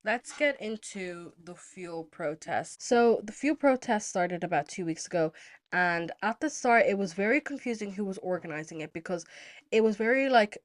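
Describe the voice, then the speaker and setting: A young woman from Zimbabwe hosting a podcast, telling a story in a casual, animated way and moving into political commentary, with lots of "like" and some swearing. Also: lowish voice, normal speed. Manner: animated, chatty, heavy use of "like", swears freely. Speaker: podcast host.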